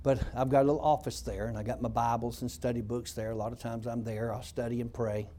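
A man's voice: medium pitch, level tone, quick pace, mellow, slight background noise. A man telling a testimony story as a former prison pastor, in a folksy, emphatic way.

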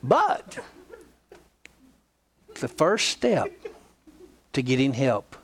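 A man's voice: medium pitch, wildly swooping pitch, very slow. A middle-aged man from Georgia with a Southern accent, preaching a sermon with folksy, humorous storytelling. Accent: Southern American. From Georgia, USA. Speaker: pastor.

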